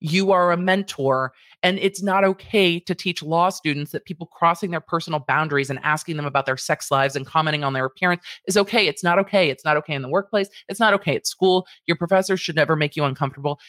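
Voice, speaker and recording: A woman's voice: low voice, fast, hardly any pauses, fairly bright tone, no echo, clean studio sound. A woman hosting a casual commentary show, talking animatedly and putting on exaggerated quoted voices. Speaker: commentary host.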